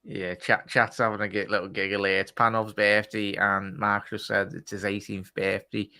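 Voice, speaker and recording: A low, gravelly male voice with a bright, forceful edge. He hosts a casual fan live stream and banters with his guests while reading out chat. The sound is dry and close. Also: flat delivery, normal speed, no room sound. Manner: chatty, teasing, reads out chat messages. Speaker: host.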